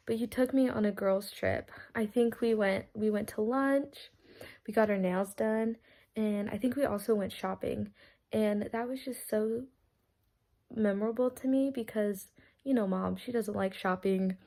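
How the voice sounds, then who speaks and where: A woman's voice: mid-range voice, moderate pace, darkish tone. A woman giving a casual, heartfelt birthday tribute to her aunt, with frequent ums and restarts. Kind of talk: recorded personal birthday message.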